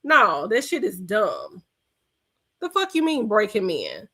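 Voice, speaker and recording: A woman's voice: medium pitch, wildly swooping pitch, takes it slowly, pushed and bright, breathy edge. A woman podcast host, delivering a blunt, profane, scolding rant in reaction commentary.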